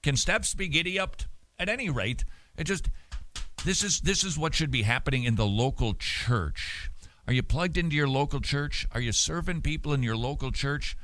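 A man hosting a show, answering listener mail in casual talk, animated and emphatic with many restarts and repeated words. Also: medium pitch, moderate pace. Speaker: radio show host.

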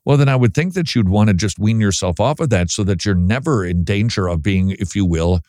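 A man's voice: fairly low pitch, expressive, fairly quick, warm tone, no room sound, studio quality. A man hosting a Christian talk show, chatting casually with wry, self-deprecating humor.

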